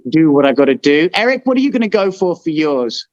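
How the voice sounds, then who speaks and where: A man's voice: on the high side, big pitch swings, fast, darkish tone, no echo, muffled recording. A man hosting a casual hot sauce tasting chat, swearing and groaning from the heat. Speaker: host.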